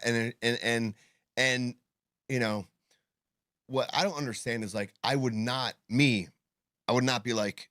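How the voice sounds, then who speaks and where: A man's voice: medium pitch, moderate pace, fairly bright tone, dry recording, clean studio sound. A man co-hosting a casual podcast discussion, rambling and swearing with many fillers and restarts, talking with tobacco in his mouth. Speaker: podcast co-host.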